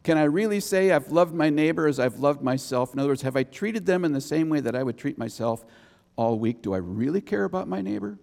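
A man preaching a sermon as pastor, emphatic and animated, with sudden high exclamations. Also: fairly quick, gravelly, big-room sound.

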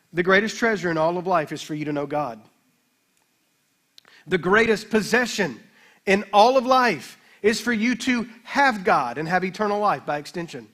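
A man pastor preaching a sermon, emphatic, with slow dramatic scripture readings. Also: high-pitched, expressive, pushed and bright.

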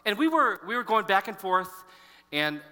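A man's voice: sits high, moderate pace. A pastor in his fifties preaching a sermon to his congregation, telling stories and asking the room questions. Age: 50s. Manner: storytelling, animated, addresses the congregation. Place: large church hall. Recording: long hall reverb.

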